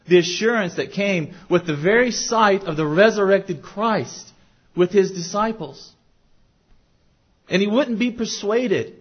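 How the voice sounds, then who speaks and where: A pastor with a fairly high voice preaches in a church sanctuary, speaking earnestly and repeatedly asking the congregation questions. The recording sounds dull and lo-fi.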